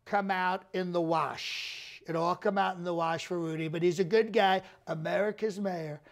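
A man playing a boastful former president who rambles, repeats phrases and praises himself without pause. The voice sits high for a man and has a gravelly edge, delivered as an improvised comic press conference. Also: steady tone. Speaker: comedian doing a live impression.

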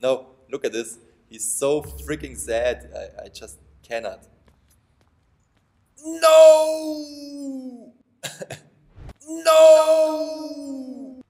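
A man giving playful, excitable commentary over a game, taunting his opponents and laughing often. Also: mid-range voice, measured pace, gravelly. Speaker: gaming commentator. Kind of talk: excitable let's-play commentary.

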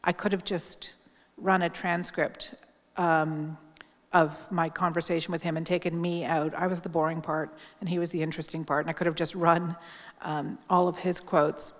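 Middle-aged woman, journalist, at the podium for a tribute speech; candid, wry, loose and conversational, fairly low voice, echoing hall. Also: level tone, normal speed. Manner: candid, wry, chatty with frequent ums. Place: large hall at a public event. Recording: long hall reverb.

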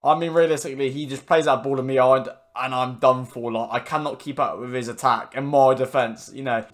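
A young man commenting on his own online football match, swearing often and swinging from frustrated mutters to excited shouts. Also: medium pitch, a little fast. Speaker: gaming YouTuber. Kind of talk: live gameplay commentary.

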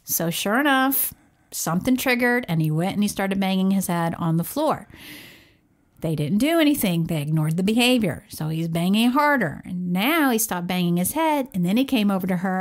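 A woman co-hosting a parenting podcast, telling a personal story in casual chat, animated and laughing often as she talks. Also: medium pitch. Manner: animated storyteller who acts out quoted voices.

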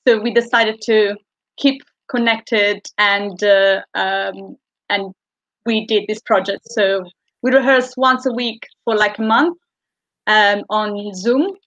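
A woman's voice: mid-range voice, steady tone, slow pace, a bit bright. A woman, a guest choreographer, answering from her room at home, hesitant and full of fillers. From Italy. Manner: hesitant, many fillers while explaining. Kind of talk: casual interview answers. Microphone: video call. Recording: muffled video call audio.

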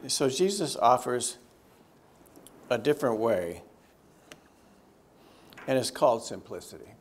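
Man, theologian, church teaching, conversational, mid-pitched voice, emphatic then hushed, faint background hiss. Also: big pitch swings, takes it slowly. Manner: conversational, swings between lifted emphasis and quiet, low asides. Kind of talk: teaching talk to a church group. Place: church gathering.

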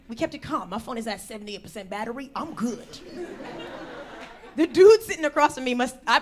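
A woman performing a brash stand-up comedy set live, working the crowd with animated storytelling. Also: a little high. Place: live venue before an audience. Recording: faint crowd noise. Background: audience laughter.

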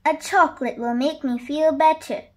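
A woman's voice: high voice, steady tone, moderate pace, a little mellow, natural voice. A woman reading a children's story and voicing a stubborn little boy donkey who pleads and wheedles. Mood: whiny.

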